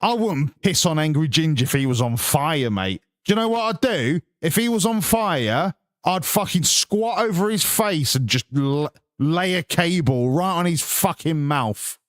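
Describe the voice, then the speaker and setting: A man's voice: a little high, expressive, measured pace, no echo, clean studio sound. An English man hosting a stream, chatting in a sarcastic, sweary, ranting way. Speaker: stream host. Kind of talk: casual chat.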